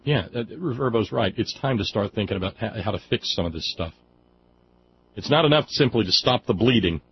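A man's voice: on the low side, lively intonation, a little fast. A man hosting a call-in radio talk show, wry and folksy, blunt with a bit of mild cursing. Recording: dull lo-fi radio audio with faint noise.

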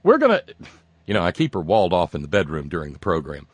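A man hosting a call-in radio show, rambling and joking with sudden loud outbursts. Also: sits low, wildly swooping pitch, fast, breathy edge, dry recording. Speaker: radio talk show host. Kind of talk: casual call-in radio banter. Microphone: studio microphone.

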